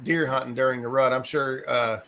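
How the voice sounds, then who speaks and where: A man's voice: mid-range voice, fairly even intonation, brisk, fairly bright tone. A man hosting a live stream, reading viewer comments aloud and chatting in an easygoing way with small restarts. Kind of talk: casual chat.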